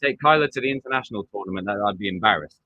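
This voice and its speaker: A man hosting a live stream, chatting casually and excitably about a TV show and acting out quotes. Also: lowish voice, very fast, no room sound, lo-fi sound. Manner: animated, excitable, acts out quotes.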